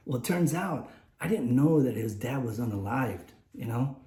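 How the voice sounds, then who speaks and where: A man's voice: mid-range voice, moderate pace, warm tone, reverberant. A man in his late forties telling a personal story on his vlog, rambling and candid, with many fillers and restarts. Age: late 40s. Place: indoors, warm room.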